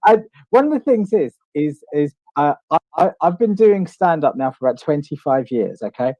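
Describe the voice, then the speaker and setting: A man co-hosting an online chat show, interviewing a guest in a halting, eager way full of restarts. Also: fairly high pitch, big pitch swings, mellow, no room sound, dull audio. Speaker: co-host and interviewer.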